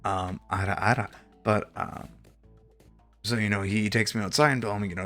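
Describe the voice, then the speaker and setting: A man's voice: fairly low pitch, fairly even intonation, moderate pace, pushed and bright, faint music behind. A young man from Texas streaming a game, telling a rambling story with lots of fillers and casual swearing. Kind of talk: casual chat while gaming.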